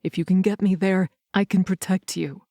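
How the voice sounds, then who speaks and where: A woman voicing a protective, blunt young male werewolf in an audiobook, speaking a little lower and in an earnest, steady way. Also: moderate pace, dry recording, studio quality, lightly acted. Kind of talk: audiobook character reading.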